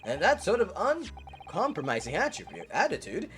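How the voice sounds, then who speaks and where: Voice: mid-range voice, wildly swooping pitch, a bit bright. A streamer voicing a flamboyant, grandiose male detective while reading game dialogue aloud, faint game music behind. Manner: pompous, drawn-out flourishes.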